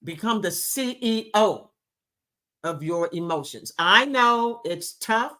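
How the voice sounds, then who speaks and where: Woman host, unhurried, drawn-out and emphatic, sweetly affectionate, calling listeners "baby", clear bright tone. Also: medium pitch, expressive. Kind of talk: live talk show, reading chat.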